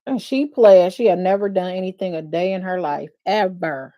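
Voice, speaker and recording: A woman who is a defense attorney and live stream host comments on a court case in a fairly low voice at a moderate pace, over dull audio. She's openly emotional and expressive, sighing frequently between thoughts.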